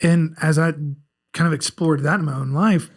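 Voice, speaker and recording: A man's voice: a little high, moderate pace. A man in his forties from South Carolina with a faint Southern accent, speaking candidly as a guest on a casual podcast with many restarts. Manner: rambling, frequent restarts, candid and self-reflective. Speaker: guest author.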